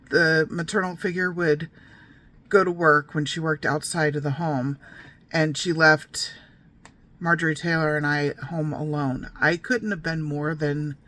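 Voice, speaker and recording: A woman's voice: low voice, fairly bright tone. A woman reading her own memoir aloud, breaking off often for wry, digressive asides spoken straight to her listeners. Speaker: memoir narrator.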